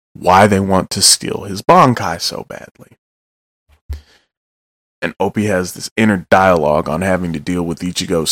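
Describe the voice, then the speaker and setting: Low-voiced man casually recapping manga. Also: a bit bright, no room sound, clean studio sound. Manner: loose, joking, with profanity and asides.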